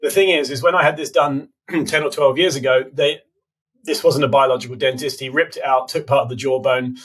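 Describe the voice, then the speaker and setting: A man with a British accent, a podcast guest explaining health topics casually, quick and full of fillers. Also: medium pitch, steady tone, fairly bright tone, slightly rough. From United Kingdom. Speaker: podcast guest, biohacking conference organizer. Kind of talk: casual interview answers.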